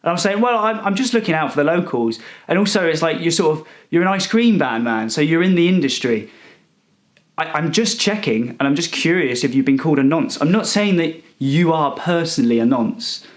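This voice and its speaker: A young man delivers a deadpan comic story, sounding indignant and self-righteous as he rambles. His voice sits a little higher than most men's. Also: a little fast. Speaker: comedic character monologue performer.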